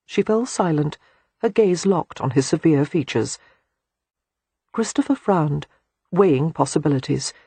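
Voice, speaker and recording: A man narrating a romance audiobook in an expressive storytelling manner. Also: fairly high pitch, husky, dry recording.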